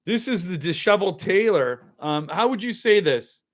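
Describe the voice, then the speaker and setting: Male podcast host, slightly high voice, loose jokey rambling over a glass of wine. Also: expressive, normal speed. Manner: loose, joking, talks to himself while opening wine. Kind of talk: casual rambling chat.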